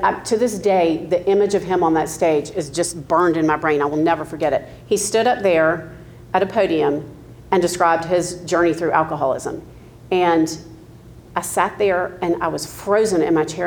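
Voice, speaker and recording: A woman's voice: fairly low pitch, darkish tone, a little hiss or hum. Candid Southern woman in her fifties. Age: 50s. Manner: candid storytelling with frequent ums and laughs. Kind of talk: personal testimony.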